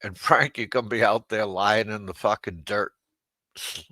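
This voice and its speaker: A man's voice: on the low side, fairly even intonation, normal speed, sharp tone, no room sound. A man hosting a livestream, talking in a mocking, profane rant aimed at someone who is not there and laughing at his own jabs. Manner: talks straight to an absent listener. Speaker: livestream host.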